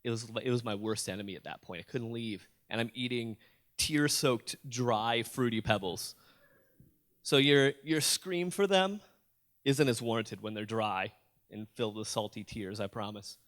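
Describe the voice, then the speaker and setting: Animated man telling a story onstage. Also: medium pitch, moderate pace. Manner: animated, addresses the audience with questions and jokes. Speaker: motivational youth speaker. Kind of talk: storytelling keynote speech. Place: school auditorium.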